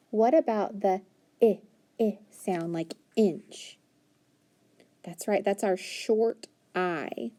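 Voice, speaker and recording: A woman teaching a phonics lesson to young children, patient and encouraging, sounding out letters and words slowly. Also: medium pitch, mellow.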